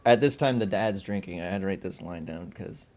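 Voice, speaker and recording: Low-voiced man in loose film-podcast chat. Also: a little mellow. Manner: loose, profane retelling of movie scenes with quick put-on quotes. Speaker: podcast co-host. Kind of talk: casual film-review chat.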